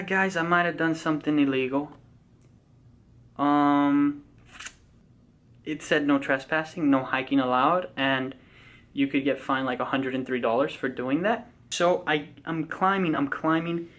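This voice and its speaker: A young adult man, an actor and vlogger, telling a story in an excited, chatty way, full of fillers and casual swearing. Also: on the high side, a little slow.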